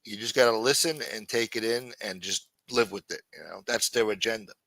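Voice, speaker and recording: A man's voice: on the low side, brisk, gravelly, sharp tone, no echo. A man hosting a livestream show in casual, rambling chat, cursing freely and saying "you know" a lot.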